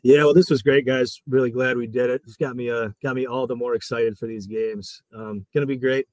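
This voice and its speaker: A man's voice: mid-range voice, fairly even intonation, brisk, a little mellow, dry recording. A man guesting on a sports betting stream, giving a loose, upbeat wrap-up in casual chat. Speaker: guest co-host.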